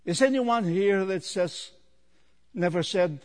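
A man preaching a sermon, rising to loud emphatic peaks and dropping low, with repeated rhetorical questions. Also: takes it slowly, long pauses. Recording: long hall reverb.

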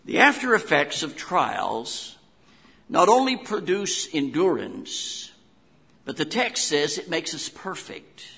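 Older man, West Virginia accent, pastor preaching, gravelly, bright edge, husky, long hall reverb. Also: a little high, sing-song, slow pace. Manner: folksy storytelling preacher with homespun asides. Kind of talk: sermon.

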